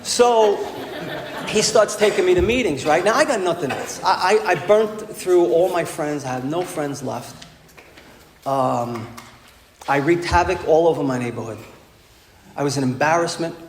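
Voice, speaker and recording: A man with a slightly high voice tells his story at a recovery meeting, mocking himself and acting out the lines of the people in it. He is recorded in a large, echoing hall with a long reverb and faint room noise behind him. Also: measured pace. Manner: wry, self-mocking storyteller acting out quotes. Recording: echoey hall with faint ambience.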